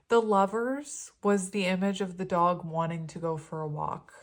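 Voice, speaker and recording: A woman reading tarot cards for viewers, chatty and gushing, with many pauses and restarts. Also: lowish voice, fairly even intonation. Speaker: tarot reader. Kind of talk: pick-a-card tarot reading.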